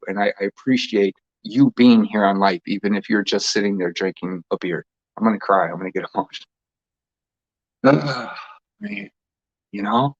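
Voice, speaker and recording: A man's voice: medium pitch, dull audio. A man hosting a casual motivational monologue, rambling and repeating phrases, laughing often. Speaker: host.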